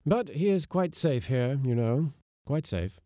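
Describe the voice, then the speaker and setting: A man doing an excitable Victorian scientist. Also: medium pitch, unhurried, no echo, clean studio sound, voice pushed up. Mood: boastful. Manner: excitable, breathless. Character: excitable Victorian bacteriologist, given to rhetoric.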